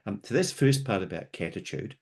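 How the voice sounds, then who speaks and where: A man's voice: fairly low pitch, very animated, quick pace, breathy edge. A man presenting a webinar, talking unscripted and conversationally, explaining ideas through homely analogies and stories.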